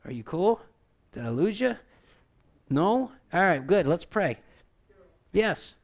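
A man preaching a conversational sermon, animated and full of asides, then leading a prayer. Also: sits high, slow pace. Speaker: pastor.

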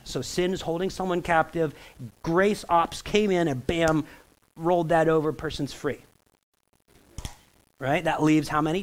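A man, a pastor with a slightly higher voice preaching in a church sanctuary over a stage microphone. He keeps it loose and conversational, cracking jokes and checking that the congregation is following. It sounds more like easy talk from the pulpit than a formal address. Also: rough recording. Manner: jokey, conversational preaching with lots of audience check-ins. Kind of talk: sermon.

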